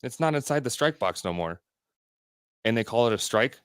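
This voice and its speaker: A man's voice: medium pitch, expressive, moderate pace, a bit bright, clear, resonant tone, no room sound, clean studio sound. A man co-hosting a podcast in casual chat, blunt and ranting, swearing often. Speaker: podcast co-host.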